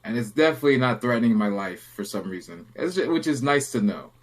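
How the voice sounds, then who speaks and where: A young man hosts a loose podcast chat at a mid-range pitch, drifting through a story with lots of "like" and "you know". He talks in a relaxed, unhurried way and slips into voices for the people he quotes. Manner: relaxed, rambling, acts out quotes. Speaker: podcast host.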